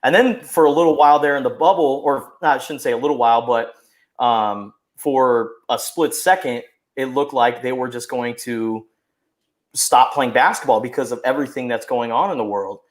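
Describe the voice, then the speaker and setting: A man dials into a podcast over video, loud and exuberant as he celebrates. His voice sits in a middle register. His tone is boisterous and gushing. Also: mid-range voice, normal speed. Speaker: guest. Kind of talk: casual sports chat.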